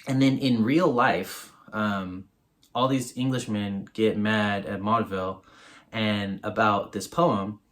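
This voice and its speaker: A man's voice: lowish voice, fairly even intonation, slow, a bit bright. A man giving a casual, rambling book review on his video channel, full of fillers.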